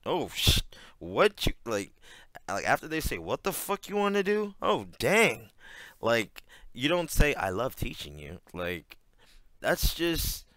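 A man's voice: on the low side, sharp tone, clear, resonant tone, no echo, clean studio sound. A man giving casual reaction commentary, rambling with lots of fillers, frequent swearing and laughter.

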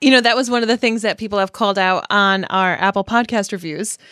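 A woman's voice: medium pitch, fast, a bit bright, clean tone, dry recording. A woman from Rhode Island co-hosting a podcast, tossing off teasing, dry one-liners in a mid-range voice. The recording is close and dry, with no room sound. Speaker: podcast co-host. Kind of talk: casual chat.

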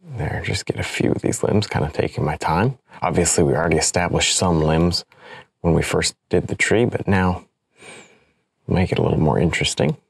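A man's voice: low voice, moderate pace, creaky, slightly rough, no room sound, clean studio sound. A man demonstrating an oil painting, chatting casually and thinking aloud as he works. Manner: relaxed, chatty, thinks aloud with small laughs. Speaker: painting instructor.

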